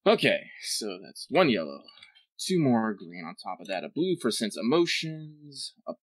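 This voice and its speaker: A young man playing a tabletop game, animated and laughing easily, swearing freely. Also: on the low side, measured pace, dry recording. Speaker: player.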